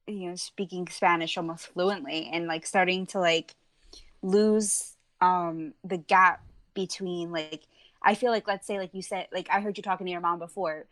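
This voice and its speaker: A woman's voice: lowish voice, fairly bright tone, no room sound. A young adult woman with a Long Island accent, a musician chatting as a podcast guest, laughing often and filling with "like.". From Long Island, New York. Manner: laughs often, many fillers and restarts. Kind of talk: casual interview chat.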